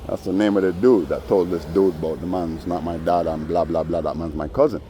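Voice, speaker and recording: Low-voiced man rambling through a story. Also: steady tone, brisk, dark tone, slight background noise. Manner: rambling, street slang, frequent "you know". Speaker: vlogger. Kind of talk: casual storytelling monologue.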